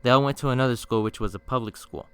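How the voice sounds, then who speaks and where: A young man telling funny stories on his channel in a slangy, swearing casual style, with bursts of mock-outraged yelling. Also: mid-range voice, fast talker, smooth. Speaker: storytime youtuber. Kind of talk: casual storytime narration.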